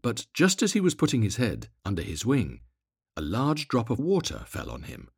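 A man reading a fairy tale aloud, expressive and gently dramatic. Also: mid-range voice, moderate pace, gravelly, husky, no room sound, clean studio sound. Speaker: narrator.

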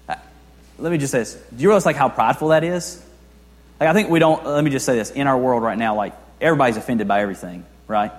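A young male pastor gives a conversational sermon, firing off rhetorical questions and moving from hushed to raised delivery. His voice carries a long reverb tail from a large church hall. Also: medium pitch, fast talker. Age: young adult. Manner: conversational preaching with rhetorical questions, swings between soft and loud.

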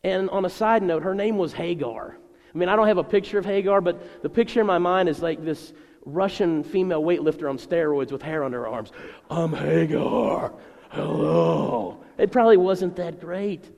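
A man preaching a sermon to a congregation, animated and acting out the voices he quotes. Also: high-pitched, a little fast, long reverb tail. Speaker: pastor.

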